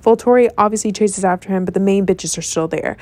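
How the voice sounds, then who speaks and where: A woman casually retelling a film scene, rambling and animated, with lots of swearing and filler words. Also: mid-range voice, quick pace. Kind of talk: casual storytelling.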